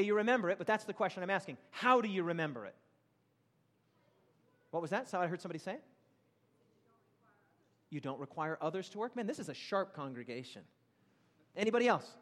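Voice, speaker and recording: Animated preacher with a high voice. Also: male voice, a little fast, pauses often. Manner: animated, questions the congregation, big swings in pitch and loudness. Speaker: pastor. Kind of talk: sermon. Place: church sanctuary. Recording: long hall reverb.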